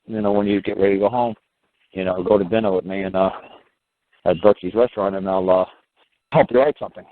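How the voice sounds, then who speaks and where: A man's voice: low voice, steady tone, fast. A man hosting a call-in show, rambling bluntly through stories with plenty of swearing. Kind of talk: rambling phone talk, anecdotes. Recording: tinny phone line with faint hiss.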